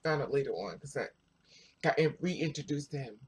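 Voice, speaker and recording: A vlogger telling a personal story to viewers in a chatty, animated way, full of asides. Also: mid-range voice, a little fast, breathy edge. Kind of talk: casual storytelling to camera.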